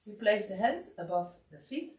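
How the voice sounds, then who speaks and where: Woman massage teacher, calm step-by-step cues, relaxed and drowsy, roomy echo, mic far off. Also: mid-range voice, moderate pace, a little hiss or hum. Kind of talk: instructional class narration. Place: warm room. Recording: echoey room, distant mic.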